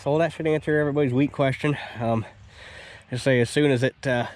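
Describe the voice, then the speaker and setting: A man's voice: medium pitch, steady tone, brisk, darkish tone. A man with a stuffy, nasal voice, rambling in an upbeat way as he talks through a farm vlog outdoors by a field. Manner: rambling, upbeat, restarts often. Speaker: farm vlogger. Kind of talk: casual vlog commentary.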